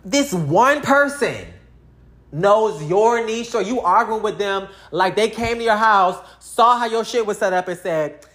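A woman's voice: medium pitch, measured pace, a bit bright. A woman ranting casually to camera, blunt and profane, with lots of slang, addressing her viewers directly. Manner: talks straight to viewers, addressing them. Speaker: vlogger.

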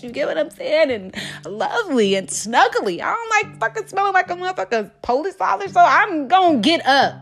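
High-voiced, animated storytelling woman. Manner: animated, profane, keeps asking "you get what I'm saying". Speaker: vlogger telling a dating story. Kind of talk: casual storytime.

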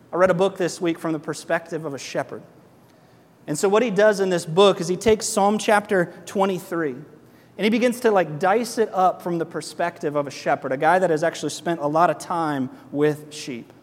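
A young man in the pulpit with a notably high, bright-edged voice. He preaches with lively, conversational energy, tossing out rhetorical questions. The sound carries a long reverb from a church hall. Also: moderate pace. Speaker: pastor. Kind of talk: sermon.

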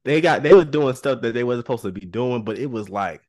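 A man's voice: medium pitch, lively intonation, brisk, a little mellow, no room sound. A man co-hosting a casual podcast chat, giving laid-back, wry commentary. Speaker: podcast co-host. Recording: dry close sound.

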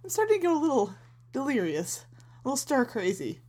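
An actress playing a wry, quick-witted con artist in a comedy audio drama. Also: female voice, sits high, sing-song, a little mellow. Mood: scheming. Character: scheming adult woman con artist.

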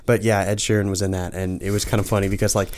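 A young man with a somewhat low voice co-hosts a podcast. He chats casually and rambles, filling his talk with ums and false starts. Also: flat delivery, fast, darkish tone. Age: young adult. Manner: rambling, many ums and restarts. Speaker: podcast co-host. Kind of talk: casual chat.

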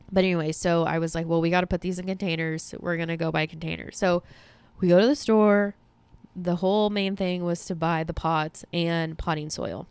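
A woman's voice: on the low side, clean tone, no echo. A young woman hosting a podcast, telling a story in casual chat with lots of fillers and casual swearing. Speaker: podcast host.

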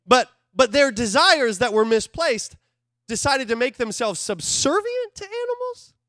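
An animated male pastor preaching with a high, light voice. He talks conversationally and jumps from loud, excited bursts to quiet, hushed asides. The sound is dry and close, with little room echo. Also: a little slow. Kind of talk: sermon.

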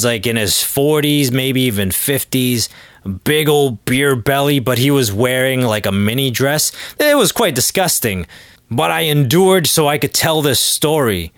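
Brief: sardonic male podcast host, rambling comic monologue, mid pitch, dry room. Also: no room sound. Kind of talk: comedic monologue.

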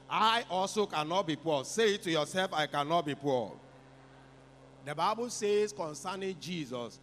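A man's voice: high voice, a bit bright, big-room sound. A man preaching a sermon in a church, exhorting the congregation and leading them in repeated call-and-response declarations. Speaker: pastor.

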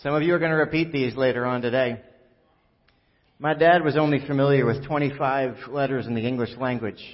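A pastor delivers a relaxed, joking sermon, full of fillers and asides. His voice rings out in a big echoey church hall. The recording sounds muffled and dull. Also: medium pitch, brisk. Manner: conversational, joking, many fillers.

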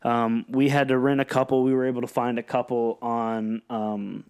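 A man's voice: medium pitch, normal speed, clear, resonant tone. A young man co-hosting a podcast, chatting casually and hesitantly with lots of ums. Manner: relaxed, hesitant with many ums. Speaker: podcast co-host. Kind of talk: casual chat.

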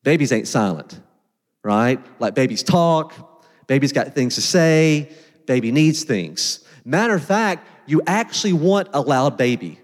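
Conversational preacher in a reverberant church. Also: male voice, mid-range voice, measured pace. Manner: conversational, animated preaching with asides and filler words. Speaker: pastor. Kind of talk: sermon.

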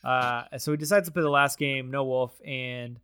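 A man's voice: medium pitch, steady tone, normal speed, bright, forceful tone, smooth. A man hosting a casual movie podcast, recapping the plot and handing off to his co-hosts. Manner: recaps the plot and hands off to others. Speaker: podcast host. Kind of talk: casual chat.

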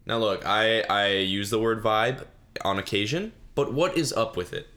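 A man's voice: lowish voice, expressive, moderate pace, sharp tone. A young man hosting a solo podcast, rambling goofily, mocking himself and laughing at his own jokes. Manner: mock-sobbing bit, put-on crying. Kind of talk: rambling solo comedy chat. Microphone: desk mic.

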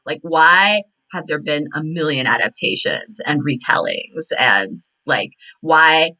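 A woman's voice: low-pitched, takes it slowly, bright, forceful tone, low-quality recording. A young American woman co-hosting a podcast, talking casually with plenty of fillers. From United States. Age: young adult. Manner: chatty, lots of fillers. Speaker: podcast co-host. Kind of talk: casual chat.

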